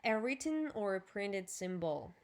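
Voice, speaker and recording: A woman with a Ukrainian accent teaching an English lesson on video, drilling new words slowly and clearly and adding Russian explanations. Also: mid-range voice, big pitch swings, darkish tone.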